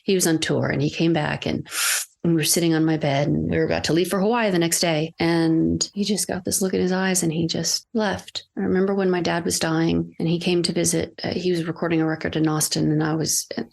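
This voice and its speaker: A woman sits down as a podcast guest and tells a personal story in conversation. Her voice is low and gravelly with vocal fry, and she speaks earnestly, pausing and restarting as she goes. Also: flat delivery, darkish tone. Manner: earnest, halting, with frequent restarts and fillers. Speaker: podcast guest, acting coach.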